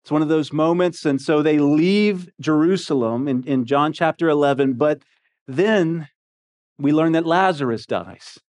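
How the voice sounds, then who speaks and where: Male pastor with a slightly higher voice, preaching a sermon in a talky, emphatic way with frequent rhetorical questions. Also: a little slow, a little mellow.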